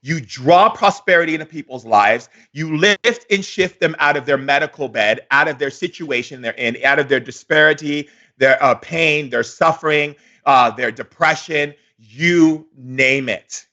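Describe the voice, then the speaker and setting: Emphatic, bright-voiced male spiritual teacher. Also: on the high side, a little slow, hardly any pauses, highs cut off. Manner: emphatic, repetitive, preacher-like delivery; emotional, effusive. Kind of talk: motivational spiritual talk.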